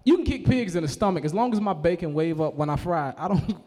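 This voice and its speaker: A man doing a stand-up comedy set, profane and animated, now and then shouting in character voices. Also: on the high side, fast, big-room sound. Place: live comedy venue.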